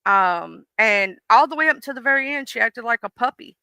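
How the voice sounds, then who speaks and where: A woman's voice: on the high side, expressive, moderate pace, creaky, sharp tone, smooth, no echo, clean studio sound. A woman, rambling chattily on a live stream and greeting viewers by name. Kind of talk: casual live-stream chat.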